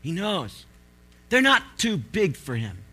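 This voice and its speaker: A man, a pastor, preaching a sermon and telling stories with animated, loud bursts of pleading. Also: sits high, takes it slowly, soft background music.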